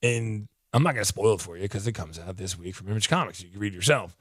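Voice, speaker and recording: Winded guy rambling excitedly about a comic, lots of "like", lowish voice, dry sound. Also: fast talker, no echo. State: out of breath, voice fading. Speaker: comic book reviewer. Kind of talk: casual video review.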